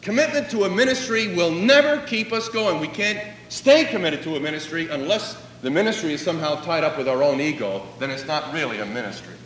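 A man's voice: on the high side, expressive, brisk, hardly any pauses, a bit bright, slight background noise. A man preaching a sermon, telling a story and acting out its dialogue. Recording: echoey hall, voice from a distance.

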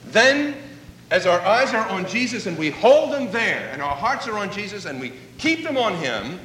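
A man's voice: high-pitched, sing-song, normal speed, a bit bright, a little hiss or hum. A man preaching a sermon, telling a story and acting out its dialogue. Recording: echoey hall, voice from a distance.

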